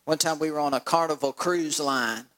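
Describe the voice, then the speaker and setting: Male pastor, high voice, fervent sermon delivery that climbs into pleading cries and call-and-response questions. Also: normal speed, bright, forceful tone.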